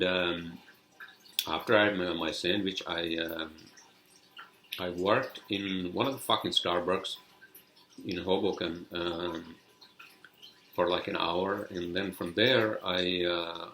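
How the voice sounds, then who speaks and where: A man's voice: low voice, a bit bright, slight background noise, poor audio. A man hosting a solo podcast, telling a story in a rambling, profane way with many fillers and restarts. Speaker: podcast host. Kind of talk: casual solo podcast monologue.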